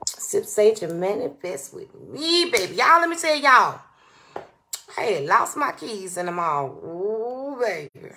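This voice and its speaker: A woman hosting a casual live stream, greeting her viewers by name with drawn-out, animated calls and dropping into soft asides. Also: medium pitch, vocal fry, slight background noise. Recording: roomy, distant from the mic.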